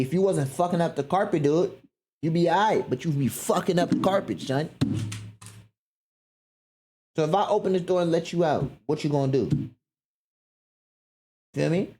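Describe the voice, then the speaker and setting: A woman's voice: sits low, dark tone. A woman streamer chatting casually and with lots of slang while she reacts live, scolding her dog between remarks. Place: home room.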